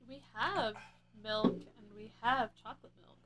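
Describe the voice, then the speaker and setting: Higher-pitched woman chatting offhand. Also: a little slow, a loud crowd. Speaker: partner in the room. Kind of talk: casual chat.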